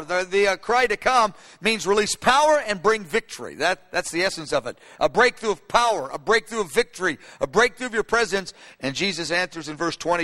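A man's voice: high-pitched, fairly quick, pushed and bright. A man preaching a sermon from his notes, speaking emphatically and rising into fervent, repeated cries. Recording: long hall reverb.

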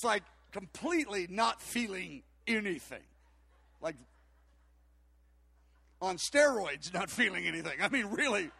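A man's voice: high voice, measured pace, vocal fry, long pauses, slightly rough. An older man preaching, telling a long personal story with many fillers and restarts. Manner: animated, rambling anecdotes with many fillers and restarts. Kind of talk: storytelling sermon.

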